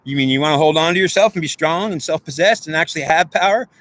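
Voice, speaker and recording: A man's voice: on the high side, fast, a bit bright. A man in an unscripted monologue, rambling in a stream of consciousness and arguing back and forth with himself. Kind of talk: guided visualization.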